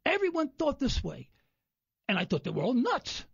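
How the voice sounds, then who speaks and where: On a radio show, a New York man tells rambling anecdotes as a guest, voicing the people he quotes with animated flair. His high voice swoops widely and has a husky, gravelly grain, delivered at a moderate pace. The dull, lo-fi radio sound is dry, with no echo.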